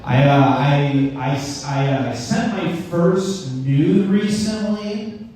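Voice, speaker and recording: A man's voice: a little high, slow pace, darkish tone, soft background music. A young man doing a rambling, self-deprecating stand-up comedy set with stammered restarts. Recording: echoey room, mic heard from a distance.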